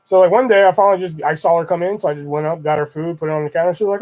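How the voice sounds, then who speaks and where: A young adult man swapping stories on a casual livestream, his voice sitting a little higher than most men's. He rambles along in a loose, laid-back way and swears freely as he goes. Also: fairly even intonation, racing, a little mellow. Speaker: streamer.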